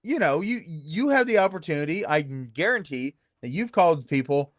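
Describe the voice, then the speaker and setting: Animated haunt actor, lively man. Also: a little fast, no room sound, studio quality. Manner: playful, swings between high and low voices. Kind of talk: animated storytelling chat.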